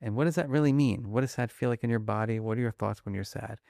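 A man being interviewed about his research, talking quickly and acting out little scenes as examples. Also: mid-range voice, creaky, dry recording, clean studio sound. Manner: animated, fast-talking, acts out examples. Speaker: guest, emotion researcher. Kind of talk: conversational interview.

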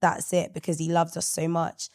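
A woman with a gravelly voice giving emphatic encouragement in a casual devotional discussion. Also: on the low side, completely flat delivery, normal speed, darkish tone, no room sound, studio quality. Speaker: Bible discussion participant.

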